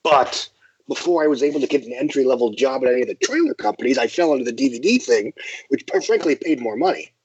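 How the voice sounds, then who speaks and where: A man's voice: mid-range voice, lively intonation, quick pace, darkish tone, slightly rough, no room sound, dull audio. A man from the Midwest US, a film critic, talking as a guest in a casual interview with a dry, self-deprecating manner.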